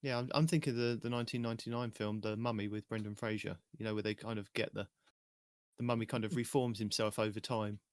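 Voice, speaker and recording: A man's voice: lowish voice, steady tone, quick pace, no room sound, studio quality. A man co-hosting a gaming podcast, musing through speculative theories. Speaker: podcast co-host. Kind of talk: casual chat.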